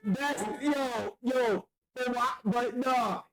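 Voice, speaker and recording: A young man co-hosting a casual podcast, excitable and profane, repeating words when he gets worked up. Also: extremely high pitch, drawn-out words, a crowd in the background. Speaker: podcast co-host.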